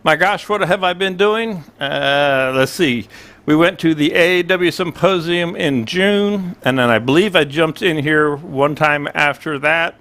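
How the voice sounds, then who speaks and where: In an unhurried, fairly bright voice pitched a little high for a man, a sixty-something host chats casually on a livestream from his small home studio. His stories meander, and he plays every role in the dialogues he recounts.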